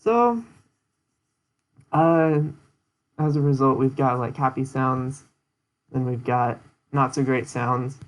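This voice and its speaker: A man's voice: mid-range voice, slow, pauses often. A young man casually explaining a presentation he gave, rambling with lots of fillers and restarts. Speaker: streamer giving a presentation recap. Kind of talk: casual chat.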